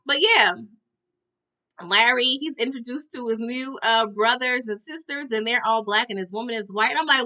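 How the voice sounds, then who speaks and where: A woman's voice: a little high, normal speed, bright, forceful tone, dull audio. A woman recapping a show in a casual, chatty storytelling style, talking straight to her viewers and reacting big. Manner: chatty, addresses viewers as "y'all", exaggerated reactions. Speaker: episode recap host.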